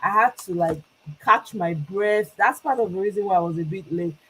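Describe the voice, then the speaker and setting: A woman's voice: medium pitch, normal speed, a bit bright, slight background noise, low-quality recording. A Nigerian woman hosting a casual livestream, greeting viewers by name and switching between English and Pidgin with frequent laughs. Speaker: livestream host.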